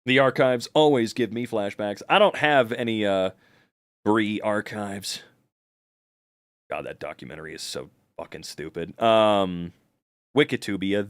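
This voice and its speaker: A man's voice: fairly low pitch, a bit bright, no echo, clean studio sound. A tired man chatting casually on a livestream, reading the chat, rambling and swearing a lot.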